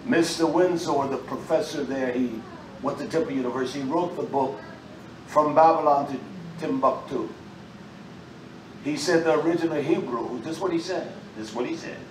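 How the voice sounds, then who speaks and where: A man preaching in a loose, animated street style, his fairly high voice bursting out loud and then dropping back. He sounds roomy and a bit distant from the mic, with faint room ambience behind him. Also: moderate pace, a little hiss or hum. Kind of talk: sermon.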